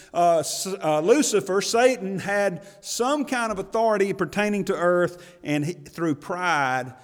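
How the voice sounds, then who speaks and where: A man's voice: sits high, long reverb tail. A male pastor giving a sermon, talking in a folksy way that builds into emphatic, rising bursts.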